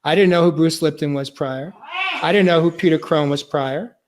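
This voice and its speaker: A male podcast host sharing a personal testimony, earnest and halting, choked up and near tears. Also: a little high, background noise.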